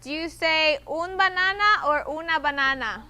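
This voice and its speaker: A woman's voice: high-pitched, normal speed, bright, forceful tone. A woman teaching a Spanish class to students, patient and explaining step by step, often checking in with "okay?". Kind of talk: classroom instruction.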